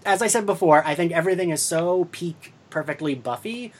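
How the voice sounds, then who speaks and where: A podcast host in casual fan chat, enthusiastic and giggly, quoting scenes in quick bursts and steering the talk. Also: mid-range voice.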